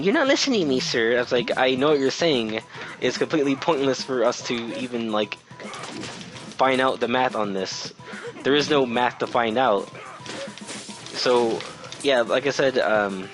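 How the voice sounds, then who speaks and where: A man's voice: mid-range voice, poor audio. A young man who works in retail, telling a casual storytime rant in an exasperated way and swearing freely. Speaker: retail worker.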